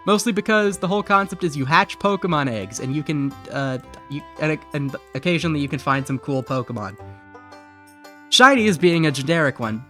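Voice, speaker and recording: A man from Ohio with a slightly high, sharp-toned voice chats casually while streaming a game. He rambles, giggles and corrects himself as he goes.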